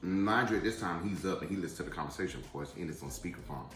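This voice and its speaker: A man's voice: low-pitched, expressive, fast, roomy sound, faint music behind. A man telling a rambling personal story to viewers in a casual, chatty way while eating. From Atlanta area, USA. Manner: chatty, addresses viewers directly, digressive. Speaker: vlogger.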